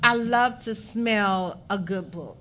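A woman hosting a talk show, chatting in a lively way and laughing easily. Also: mid-range voice, takes it slowly, a little hiss or hum. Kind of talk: casual interview chat.

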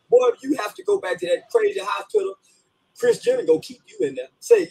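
High, gravelly ranting man. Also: expressive, quick pace, dark tone, poor audio. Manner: rants, laughing as he talks. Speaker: commentator in a played clip. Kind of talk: profane comic rant.

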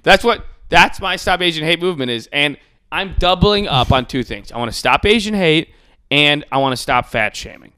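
A man's voice: fairly high pitch, expressive, normal speed, clear, resonant tone, no echo. Young male podcast co-host, brash and profane, clean dry studio voice. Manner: loud, crude and joking, swears a lot and laughs often. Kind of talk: casual comedic chat.

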